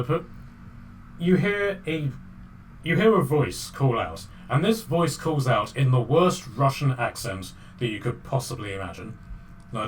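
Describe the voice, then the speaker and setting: A man's voice: medium pitch, a little hiss or hum. A man narrating a tabletop game as game master, casual and hesitant with many fillers.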